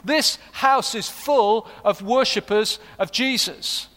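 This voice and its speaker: A man's voice: high-pitched, slow pace, a bit bright. A middle-aged man preaching a sermon, earnest and rising to fervent appeals. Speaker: pastor. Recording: long reverb of a large hall.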